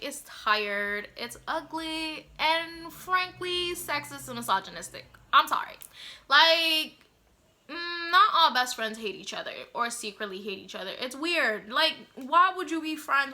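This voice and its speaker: Her voice is fairly high with a sharp edge. She's a young vlogger reviewing a TV show in casual, opinionated talk to camera, being sassy, blunt and over-the-top, with plenty of slang, "like"s and "you know"s, and addressing viewers as "y'all."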